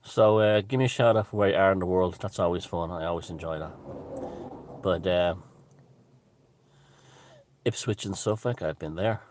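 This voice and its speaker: A man hosting a casual livestream, chatting loosely and digressively while answering viewer comments, with frequent pauses and fillers. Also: low-pitched, a little mellow, a little hiss or hum. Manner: rambling and digressive, many fillers. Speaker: livestream host.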